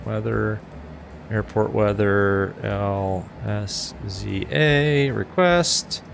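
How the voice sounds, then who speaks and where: A man's voice: fairly low pitch, animated, measured pace, vocal fry, music in the background. A man chatting casually on a flight sim live stream, self-deprecating and reading chat aloud, over a headset mic.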